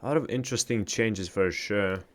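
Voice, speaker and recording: A man streaming a game live, chatting casually with his chat, swearing often and reacting loudly to what he reads. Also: fairly low pitch, moderate pace.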